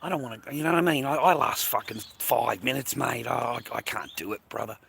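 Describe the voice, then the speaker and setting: A man's voice: medium pitch, a little fast, creaky, fairly bright tone, slight background noise. A middle-aged Australian man rambling in a casual, profane monologue to camera outdoors by the water. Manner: profane, rambling, slangy, repeats himself. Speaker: vlogger.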